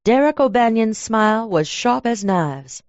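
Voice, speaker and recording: Dry, lively woman narrating an audiobook. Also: on the high side, measured pace, dry recording. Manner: lively, chatty storytelling. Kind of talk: first-person audiobook narration. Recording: dull lo-fi dry recording.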